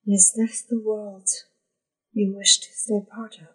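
A woman voicing an otherworldly fairy queen who speaks slowly and solemnly in a tabletop game. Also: medium pitch, flat delivery, breathy edge, voice pushed up, low-quality recording.

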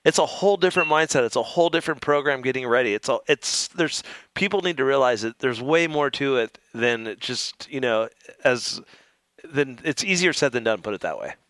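Bright, smooth-voiced joking man. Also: medium pitch, a little fast, no room sound. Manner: loud, joking, animated. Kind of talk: casual talk radio chat.

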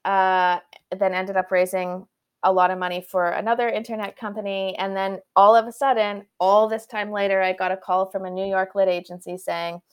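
A woman from Canada speaks as a guest author on a conversational show. Her pitch sits in the middle range for a woman. She tells her story in animated bursts and often restarts her sentences. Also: moderate pace, clear, resonant tone. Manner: animated, tumbling retellings with frequent restarts.

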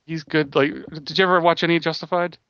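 A man co-hosting a casual podcast chat, rambling quickly with frequent restarts. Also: fairly high pitch, little pitch movement, sharp tone, dry recording. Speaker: podcast co-host. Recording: dull dry close-mic audio.

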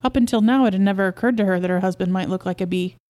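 A woman hosting a podcast reads a short story aloud. Her narration is steady and even, at a middling pitch. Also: racing. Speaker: podcast host reading a story.

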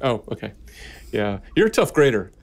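A chatty man co-hosting a relaxed podcast conversation. He jokes easily and goes into detail when he explains things. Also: medium pitch, normal speed. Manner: chatty, playful, explains at length. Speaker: podcast co-host. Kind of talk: casual chat.

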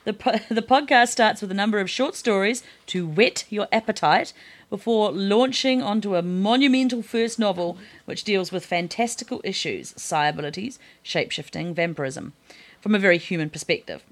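A woman with a lively, sing-song delivery reads listener reviews. She teases her co-hosts and laughs often, keeping things casual. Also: mid-range voice, moderate pace. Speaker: podcast co-host and voice actor. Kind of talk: casual banter, reading reviews aloud.

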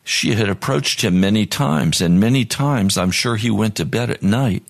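A man's voice: fairly low pitch, normal speed, gravelly. A man preaching a sermon as pastor, earnest and at times pleading in prayer.

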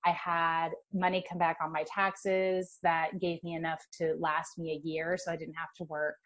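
Middle-aged woman from california, sharing her story, animated, laughs a lot. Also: sits low, normal speed. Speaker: guest. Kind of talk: personal storytelling interview.

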